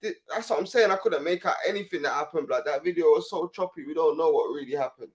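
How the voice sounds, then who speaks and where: A man with street co-hosts a live stream, throwing out mocking, fired-up reactions. His voice sits fairly high for a man and stays quick and punchy.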